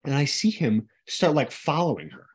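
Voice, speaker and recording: Male podcast co-host, husky voice, animated casual storyteller, salty language. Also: a little high, normal speed. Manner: animated storytelling, lots of swearing, acts out quoted people.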